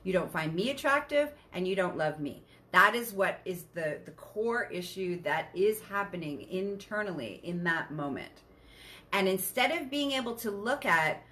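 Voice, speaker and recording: Bright-voiced woman hosting a podcast. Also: mid-range voice, animated, a little slow. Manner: emphatic, frank, swears, checks in with listeners. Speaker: podcast host. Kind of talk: casual podcast monologue.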